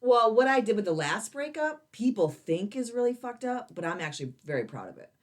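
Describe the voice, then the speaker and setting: A woman's voice: a little high, very animated, a little fast. A middle-aged woman, a comedian co-hosting a podcast, blunt and teasing in casual chat. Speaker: comedian co-host.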